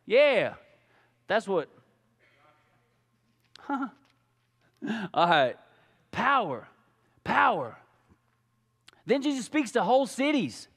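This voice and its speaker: A man preaching a sermon as pastor, animated and casual, full of rhetorical questions. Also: extremely high pitch, long reverb tail. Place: church sanctuary.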